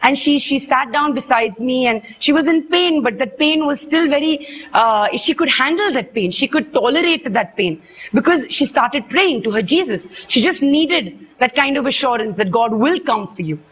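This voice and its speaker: A young woman, earnestly retelling a personal experience in halting, emotional speech. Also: high voice, expressive, fairly bright tone, slight background noise. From India. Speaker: witness giving testimony. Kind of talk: personal testimony.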